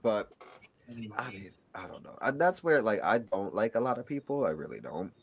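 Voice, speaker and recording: A man's voice: lowish voice, sing-song, normal speed, a little hiss or hum. A young adult man chatting casually as a shop owner, blunt and gossipy with a sassy edge. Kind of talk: casual chat.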